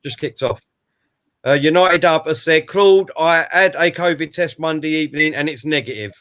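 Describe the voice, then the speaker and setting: A man's voice: a little high, moderate pace, a bit bright. A man hosting a casual football chat, talking in a friendly way with many hesitations and fillers. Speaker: host.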